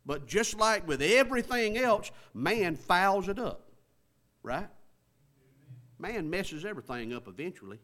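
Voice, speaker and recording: A man's voice: sits high, big pitch swings, a bit bright. Folksy preacher man. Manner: folksy, conversational, drawn-out emphasis. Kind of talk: sermon.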